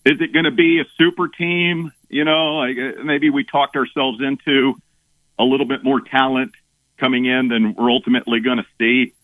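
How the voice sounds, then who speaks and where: A man's voice: mid-range voice, level tone, normal speed, fairly bright tone, dry recording, poor audio. A man, a regular on a talk radio show, chatting in an easygoing, plainspoken way. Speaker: radio co-host, regular contributor. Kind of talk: casual talk radio banter.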